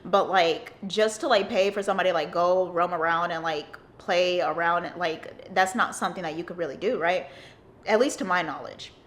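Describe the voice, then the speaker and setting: A woman's voice: on the low side, normal speed. Chatty woman telling a story. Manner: rambling, filler-heavy, with frequent "like". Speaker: vlogger. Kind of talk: casual storytime.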